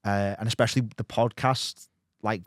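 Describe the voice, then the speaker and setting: A man's voice: on the low side, fairly even intonation, moderate pace, no echo, clean studio sound. A man, chatting casually as a podcast guest, rambling with many restarts and fillers.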